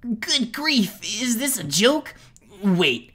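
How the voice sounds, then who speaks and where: A woman's voice: a little high, very animated, drawn-out words, pitched above the performer's own voice, heavily acted. A woman voicing a sneering, bratty older boy of the forest folk in a storybook reading. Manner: sneering, scoffing.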